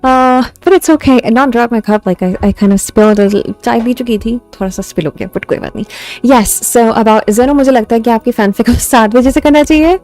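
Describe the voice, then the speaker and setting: A woman's voice: on the high side, rapid-fire, darkish tone, faint music behind. A young woman with an Indian English accent streaming live, chatting casually and mixing English with Hindi, full of restarts. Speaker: VTuber streamer. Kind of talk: casual live-stream chat about fan poetry.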